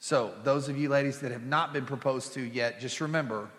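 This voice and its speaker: Joking pastor in a reverberant church hall. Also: male voice, brisk, a bit bright. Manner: chatty, jokey, with put-on high squeals for quoted women. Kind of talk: humorous sermon storytelling. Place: church sanctuary.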